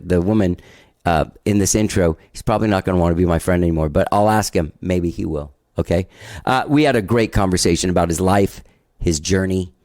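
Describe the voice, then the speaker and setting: A man's voice: low voice, darkish tone, no room sound, clean studio sound. A man hosting a podcast, rambling through a casual, self-deprecating intro and swearing now and then. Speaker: podcast host.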